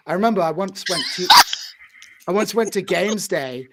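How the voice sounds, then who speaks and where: A man's voice: high-pitched, animated, normal speed, heavy background noise. An English man co-hosting a podcast, telling jokey anecdotes in casual chat. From England. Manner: jokey, plays with accents. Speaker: podcast co-host.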